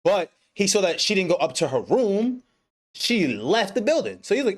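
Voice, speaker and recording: A man hosting a livestream from home, recapping an anime in a relaxed, profane, laughing way. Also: sits high, moderate pace. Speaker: stream host. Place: home streaming setup. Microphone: desk setup with webcam.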